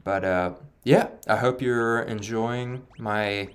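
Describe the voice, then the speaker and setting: Faint game music plays as a low-voiced man offers laid-back let's-play commentary on his gaming channel. He speaks slowly with a clean tone, relaxed and, by his own description, monotone.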